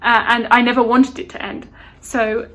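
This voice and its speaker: A woman's voice: a little high, flat delivery, normal speed, fairly bright tone. Gushing British woman reviewing books. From United Kingdom. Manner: gushing, enthusiastic, repeats words. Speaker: book reviewer. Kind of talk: casual book review vlog.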